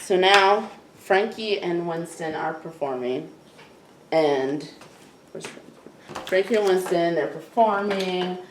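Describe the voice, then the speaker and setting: A low-voiced woman chatting casually about a show, rambling and starting her sentences over. She sits away from the mic, so she sounds distant. The room echoes and has clear noise behind her. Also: takes it slowly, long pauses. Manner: rambling, restarting sentences while describing scenes. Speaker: podcast co-host. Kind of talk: casual episode recap chat.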